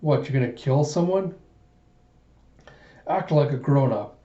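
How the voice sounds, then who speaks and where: A man's voice: medium pitch, expressive, a little slow, dark tone, echoey room, dull audio, close to an everyday voice. A man reading a teasing, easygoing young male ex-general from a manga, blunt and mocking.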